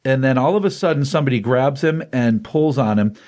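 Man animatedly retelling a comic. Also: mid-range voice. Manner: animated storytelling with quick voiced quotes. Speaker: comics podcast host. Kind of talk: casual retelling of a comic book.

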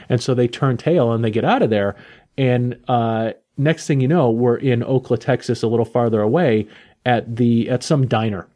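Male podcast host, mid-range voice, enthusiastic, animated storyteller, casual chat. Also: medium pitch, moderate pace.

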